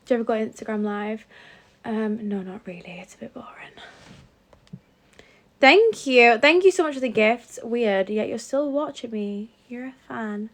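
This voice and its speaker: A woman's voice: on the high side, expressive, moderate pace. A young woman from England, chatting casually on a phone livestream, giggling as she reads out and answers viewer comments. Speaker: livestream host. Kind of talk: casual live-stream chat reading comments.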